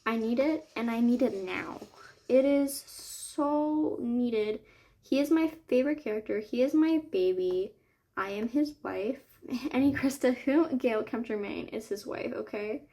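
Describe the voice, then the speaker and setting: Young female book vlogger, slightly high voice, gushing, rambling casual chat. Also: expressive, normal speed, warm tone. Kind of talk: casual chat while making a digital journal.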